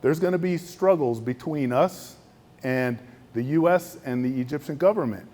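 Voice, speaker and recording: A middle-aged man, an Air Force general, telling a story in a luncheon speech and acting out the other voices. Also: moderate pace. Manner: animated storytelling, acts out other voices with raised pitch.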